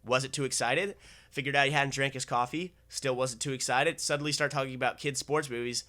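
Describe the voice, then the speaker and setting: A man's voice: mid-range voice, steady tone, fairly quick, bright, forceful tone. A young man hosting a casual sports podcast, upbeat and teasing his co-host.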